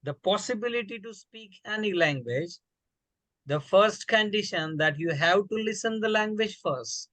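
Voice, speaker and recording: A man's voice: high voice, lively intonation, moderate pace, fairly bright tone, no echo. Indian guy hosting a round table, explains stuff plainly, dry close sound. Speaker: host.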